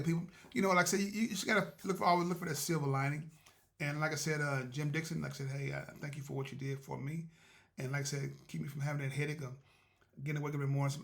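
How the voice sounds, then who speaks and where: This motivational show host has a fairly high, creaky voice with little pitch movement and a quick pace. He tells a rambling, folksy story about doing the right thing and offers spiritual encouragement in a casual monologue.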